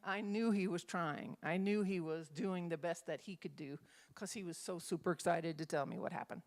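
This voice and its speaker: A woman's voice: fairly low pitch, normal speed. A middle-aged woman minister leading a Bible study, telling stories and acting out the voices in them. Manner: animated storyteller, acts out quotes.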